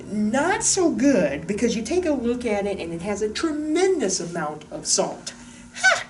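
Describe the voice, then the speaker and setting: A woman's voice: mid-range voice, very animated, moderate pace, recorded from a distance, noisy background. A woman giving a chatty, joking diet talk as a wellness coach, standing by a board in a room. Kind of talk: casual diet talk to camera. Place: room with a whiteboard.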